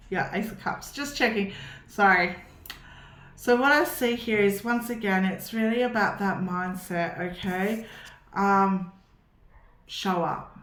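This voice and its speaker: A woman's voice: medium pitch, fairly bright tone, echoey room. A woman reading tarot cards for her viewers in an upbeat, reassuring way, often checking in with "okay?". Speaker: tarot reader.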